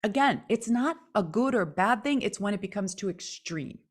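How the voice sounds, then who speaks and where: A woman coaching on speaking voice, lively and demonstrative. She teaches in a conversational way, often acting out the sounds she describes. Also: medium pitch, moderate pace. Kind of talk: instructional chat.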